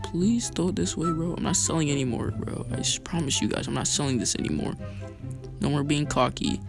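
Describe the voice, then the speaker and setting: A young man giving excitable, self-mocking commentary over his own football video game, hyping plays as he goes. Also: on the high side, fairly quick, vocal fry. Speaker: gaming video creator. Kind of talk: live gameplay commentary. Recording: light music underneath.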